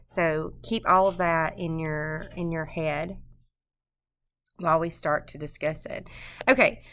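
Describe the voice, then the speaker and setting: Slow low-voiced woman teaching a poem. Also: fairly bright tone. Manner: unscripted, many ums and restarts. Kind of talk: screencast poetry lesson.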